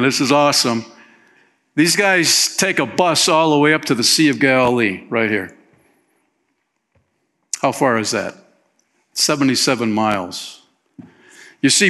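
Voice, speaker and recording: A man's voice: mid-range voice, pushed and bright. A male pastor preaching a sermon in a conversational way, often tossing in "man" and acting out quotes. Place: church.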